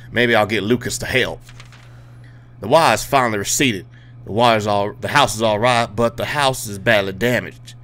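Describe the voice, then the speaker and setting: Homeowner worried about storms, low voice, a man putting on an accent for the reading. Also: a bit bright, a little hiss or hum, close to an everyday voice. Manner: reading aloud in a put-on accent. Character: male homeowner writing a diary note about storms.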